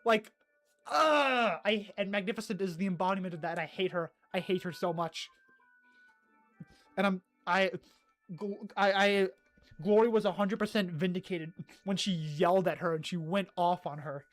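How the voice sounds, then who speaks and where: A streamer in casual livestream chat, reading out comments and ranting excitedly, with many stammered restarts. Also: medium pitch, normal speed, faint music behind.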